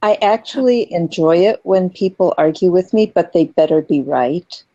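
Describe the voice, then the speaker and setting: Woman, measured and thoughtful, low and warm, dry close sound. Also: dry recording, muffled recording. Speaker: guest. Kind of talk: casual video chat.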